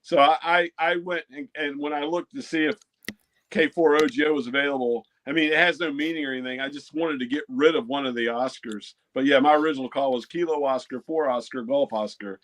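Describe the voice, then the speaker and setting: A man from the United States, a guest on a casual panel chat, telling anecdotes in a relaxed, slightly repetitive way. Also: mid-range voice, brisk. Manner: storytelling, a little repetitive. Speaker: guest presenter.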